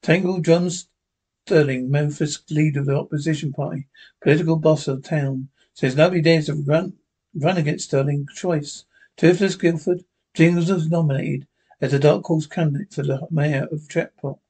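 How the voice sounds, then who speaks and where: Husky man reading a radio script. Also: fairly high pitch, fairly even intonation, normal speed, a little mellow. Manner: reads stage directions plainly.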